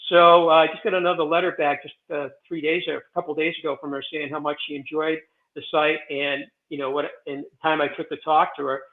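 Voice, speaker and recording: A man in his sixties with a slightly higher voice, wandering through his stories with plenty of fillers and restarts. His voice comes through a thin, tinny, phone-like line, as if he is calling in from somewhere else. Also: little pitch movement, brisk. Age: 60s. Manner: rambling, digressive, frequent fillers and restarts. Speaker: guest, president of a historic stone site. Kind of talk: casual interview storytelling.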